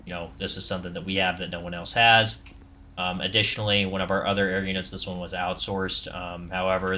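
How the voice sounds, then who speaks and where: A man with a low voice gives a casual walkthrough of his game server. His tone is bright and forceful, though his delivery stays loose and rambling, full of ums and false starts. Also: slight background noise.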